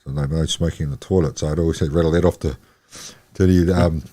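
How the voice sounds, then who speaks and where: A man's voice: a bass voice, fairly even intonation, fast, mellow. An older man, a guest in a casual chat, telling rambling anecdotes about his old job.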